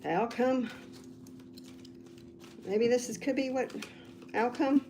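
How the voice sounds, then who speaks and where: A woman reading tarot cards on a casual livestream, rambling and getting loud when she's excited. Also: a little high, slow pace, noisy background. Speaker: tarot reader.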